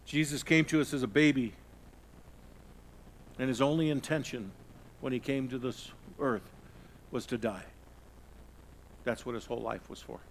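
A middle-aged male pastor preaching a sermon, swinging from loud emphasis to hushed, low passages. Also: steady tone, moderate pace, long pauses, a little hiss or hum.

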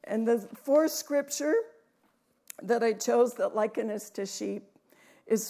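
A woman preaching in a church room, reading scripture with rising emphasis and adding chatty asides with soft laughs. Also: on the high side, slow, long pauses.

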